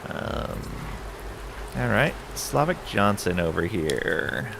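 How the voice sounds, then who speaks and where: A man streaming a casual game playthrough, reading story text aloud in a relaxed way with asides. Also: on the low side, slow pace, gravelly, background noise. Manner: relaxed, with frequent ums and asides.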